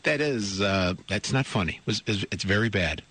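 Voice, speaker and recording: A man's voice: on the low side, lively intonation, moderate pace, a bit bright, husky. A middle-aged man hosting a radio talk show, reading a news story aloud and commenting on it. He sounds amused and incredulous, asks his listeners rhetorical questions and repeats his words as he goes. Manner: amused and incredulous, breaks into laughter while reading. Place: radio studio. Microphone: studio microphone.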